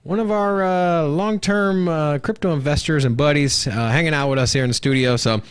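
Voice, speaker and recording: A man co-hosting a live show from a studio, joking loudly and giving playful shout-outs. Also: a little high, moderate pace, clear, resonant tone. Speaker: co-host of a live crypto show. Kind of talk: hype livestream banter.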